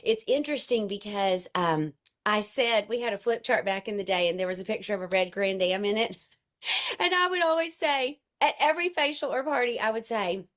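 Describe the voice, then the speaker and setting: A woman's voice: mid-range voice, a little fast, fairly bright tone. A woman telling an emotional personal story to her sales team in an earnest way. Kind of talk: personal storytelling to an online group.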